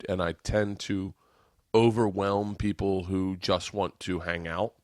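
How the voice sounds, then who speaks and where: A man hosting a podcast rambles through his stories with a rather low voice. He swears a lot and keeps restarting his sentences. The sound is dry and close. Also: flat delivery, slow, darkish tone, no room sound. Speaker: podcast host, comedian. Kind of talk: casual chat.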